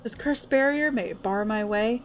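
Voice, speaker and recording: A woman's voice: fairly high pitch, measured pace, slight background noise, close to an everyday voice. A woman voicing a boastful, self-important male swordsman, declaiming his game lines pompously. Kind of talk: reading game dialogue aloud.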